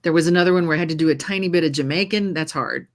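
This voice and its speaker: A woman with a notably low voice speaks casually about her work narrating audiobooks. She is from the United States and has a singer's control. She tells stories in a lively way and laughs often. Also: very fast. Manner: trained singer with controlled delivery. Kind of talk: casual interview chat.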